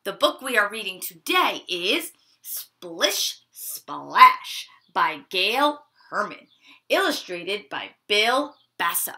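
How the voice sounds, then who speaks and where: Woman teacher, children's story time, slow and expressive, very bright voice, lively pitch. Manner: asks children questions, expressive. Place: living room at home.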